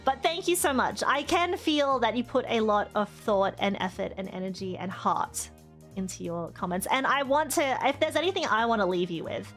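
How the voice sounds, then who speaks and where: A woman's voice: on the high side, moderate pace, fairly bright tone, soft background music. A British woman streamer in casual livestream chat, giggly and playful, swearing casually and often breaking into laughter. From Britain.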